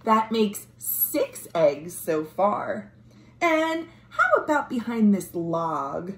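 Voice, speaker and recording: A woman librarian doing a children's storytime read-aloud at home, animated, with delighted gasps and sing-song refrains. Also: medium pitch, slow pace. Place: home room. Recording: roomy home recording with faint appliance hum. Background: dishwasher running.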